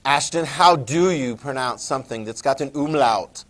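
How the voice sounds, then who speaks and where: A man's voice: mid-range voice, moderate pace, a bit bright. A man teaching a history class, casual and joking, asking students questions. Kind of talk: classroom lecture.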